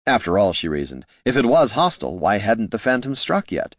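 A man reading a fantasy story aloud in a measured, wry narration. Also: fairly low pitch, sing-song, dry recording, clean studio sound. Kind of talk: scripted audiobook narration.

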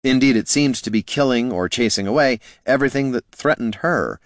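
A man reading a fantasy story aloud in a measured, wry narration. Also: mid-range voice, no room sound, studio quality. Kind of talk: scripted audiobook narration.

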